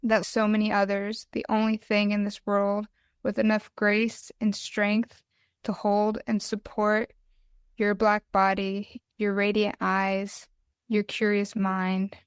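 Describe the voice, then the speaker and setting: A woman's voice: mid-range voice, smooth, dry recording, clean studio sound. Woman reading a tearful poem. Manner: emotional, halting and tearful. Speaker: podcast guest, mental health advocate. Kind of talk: reading her own poem aloud, then conversational interview.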